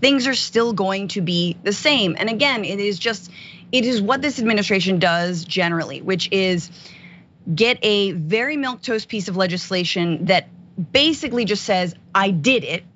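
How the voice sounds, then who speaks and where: A woman's voice: mid-range voice, normal speed. Woman cohost riffing sarcastically on politics, lots of um and like, slightly dull audio with faint hiss. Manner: animated, sardonic, many fillers. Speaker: news commentary co-host. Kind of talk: political news commentary.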